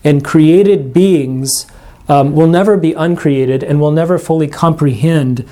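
A man's voice: a little high, unhurried, warm tone. A man giving a classroom lecture to a small group, thinking aloud with frequent restarts and asides. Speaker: religion class teacher.

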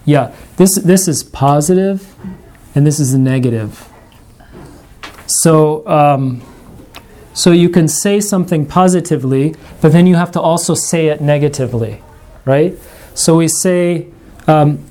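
A man's voice: fairly high pitch, a little slow, dark tone. A man giving a classroom lecture to a small group, thinking aloud with frequent restarts and asides. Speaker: religion class teacher.

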